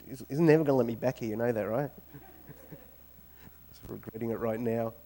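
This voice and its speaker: A man with an Australian accent giving a guest talk in a university auditorium and telling jokes in a lively, storytelling way. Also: mid-range voice, normal speed. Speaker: guest speaker. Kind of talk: informal talk with joke-telling.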